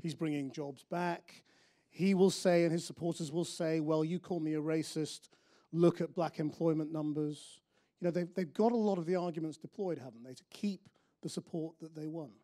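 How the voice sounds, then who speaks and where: A man interviews his guest onstage, his voice slightly high and mellow. He asks probing questions in a conversational way. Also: steady tone, normal speed.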